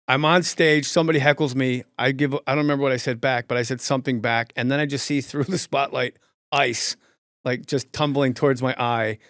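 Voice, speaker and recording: A man's voice: mid-range voice, fairly quick, clean tone, no room sound, clean studio sound. A man hosting a podcast, telling stories animatedly and with lots of swearing. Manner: animated, profane, acts out scenes. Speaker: podcast host. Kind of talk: comedic storytelling.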